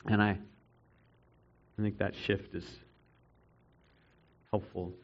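A man preaching a sermon to a congregation, earnest, swinging between loud emphatic stretches and quiet reflective ones. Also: fairly low pitch, little pitch movement, drawn-out words, lo-fi sound. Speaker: pastor.

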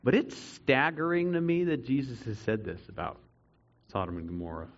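A man preaching a sermon to a congregation, earnest, swinging between loud emphatic stretches and quiet reflective ones. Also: mid-range voice, very animated, moderate pace, lo-fi sound. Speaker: pastor.

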